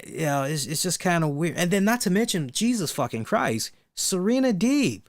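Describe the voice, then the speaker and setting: A man's voice: sits high, sing-song, normal speed, no echo, clean studio sound. Rambling man hosting a wrestling podcast. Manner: rambling, thinks aloud with many restarts and asides; blunt, swears casually. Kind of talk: casual solo commentary.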